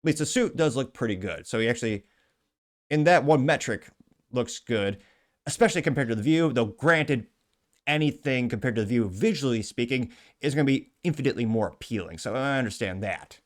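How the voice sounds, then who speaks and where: Male host, casual commentary, mid-pitched, sarcastic, reads comments aloud. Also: animated, a little fast. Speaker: show host.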